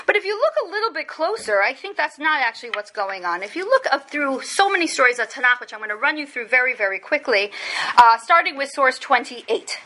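A woman teaching a lesson on biblical texts, animated and acting out the voices in the stories she explains. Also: high-pitched. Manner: animated, acts out quoted voices of biblical figures. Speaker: Torah teacher. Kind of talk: text study lesson.

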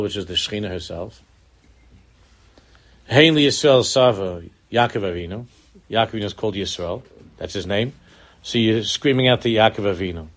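Earnest man teaching Torah. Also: fairly low pitch. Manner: earnest, repeats words, mixes Hebrew terms into English, rises in emphasis. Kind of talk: Torah lecture.

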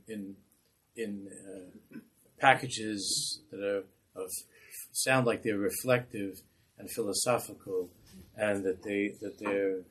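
A man's voice: lowish voice, husky. A man, a rabbi, teaching a Torah class in a passionate, rhetorical way. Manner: impassioned, rhetorical.

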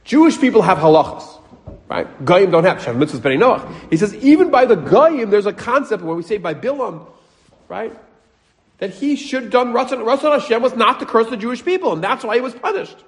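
A man's voice: sits high, big pitch swings, brisk. A middle-aged man giving a casual, joking Torah class, telling stories and acting out quoted voices, with Hebrew and Yiddish words mixed in. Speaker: Torah teacher.

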